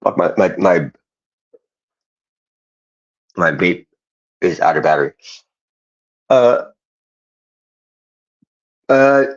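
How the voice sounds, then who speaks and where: Brief: slow-talking male streamer, mid-pitched, muffled lo-fi audio. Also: lively intonation. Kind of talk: casual livestream chat.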